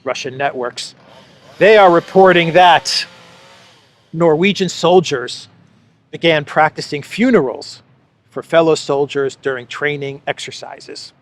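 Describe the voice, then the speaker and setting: A man's voice: on the high side, measured pace. Guy doing a sarcastic political commentary monologue, keeps repeating himself for effect.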